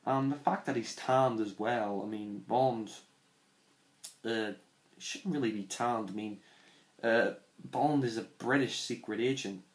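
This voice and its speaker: A man's voice: medium pitch, unhurried, roomy sound. A man giving a casual film review, rambling with lots of "you know" and "I mean" and sounding scathing and exasperated.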